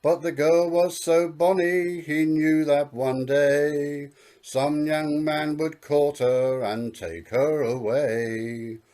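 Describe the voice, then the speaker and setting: A man's voice: a little high, little pitch movement, mellow. A man singing a comic story ballad as a singer-songwriter. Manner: slow sung storytelling.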